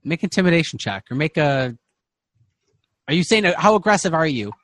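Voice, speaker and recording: A man narrating as game master in a tabletop game, with casual, halting narration. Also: on the high side, big pitch swings, a bit bright, dry recording, clean studio sound.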